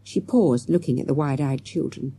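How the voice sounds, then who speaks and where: A woman narrating a children's storybook audiobook in an expressive way. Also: extremely low pitch, normal speed, breathy edge, no room sound.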